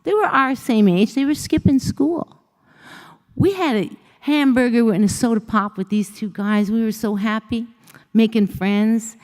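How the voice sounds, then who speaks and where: A woman's voice: on the high side, unhurried, a little mellow. A woman motivational speaker telling a personal story on stage at a conference, acting out the dialogue in shifting voices. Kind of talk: storytelling keynote speech. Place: conference stage in a large hall. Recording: long hall reverb.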